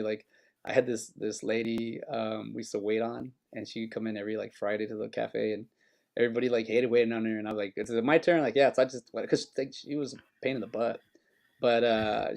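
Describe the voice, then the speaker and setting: Casual podcast co-host, male, gravelly rambling storyteller who slips into goofy accents. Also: mid-range voice, darkish tone. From United States. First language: Spanish, grew up bilingual. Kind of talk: casual chat.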